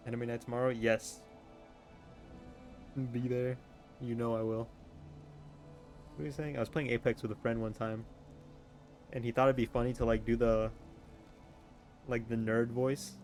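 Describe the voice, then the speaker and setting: A man's voice: medium pitch, a little mellow. A young man streaming a game, chatting casually with viewers in a joking, offhand way and laughing often. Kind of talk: casual chat reading viewer messages.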